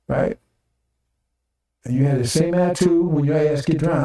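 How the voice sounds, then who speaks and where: An older preacher delivers an informal sermon broadcast in a slightly high, dark voice at a moderate pace, pausing often. He speaks rhetorically, repeating phrases and adding "right?" and "see?". The room is echoey and the mic sits at a distance.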